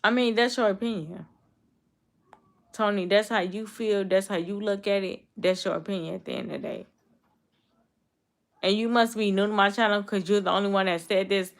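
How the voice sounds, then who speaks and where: This twenty-year-old woman on YouTube chats casually during a live stream, speaking bluntly and repetitively as she replies straight to commenters. Her voice sits at a medium pitch with fairly even intonation. She keeps a normal speed but pauses often.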